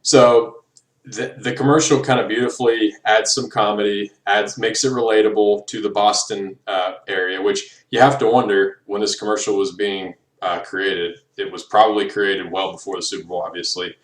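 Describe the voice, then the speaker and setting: A man's voice: fairly low pitch, steady tone, normal speed, recorded from a distance. A young man recording a class presentation, hesitant, with many ums and uhs. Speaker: student presenter. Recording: echoey room, voice from afar.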